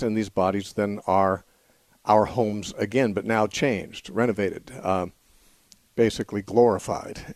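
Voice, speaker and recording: Low-voiced man hosting call-in radio. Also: darkish tone, no echo. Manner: measured, explanatory, thinking aloud with small restarts. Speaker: radio call-in show host. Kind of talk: call-in radio Bible teaching. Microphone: studio mic.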